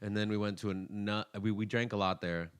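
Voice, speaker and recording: A young man with a fairly low voice co-hosts a chatty podcast, rambling and laughing as he jokes along. The sound is close and dry, with no room around it. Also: steady tone, fairly quick, clear, resonant tone, no room sound. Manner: laughs often, rambling and joking. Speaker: podcast co-host. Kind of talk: casual chat.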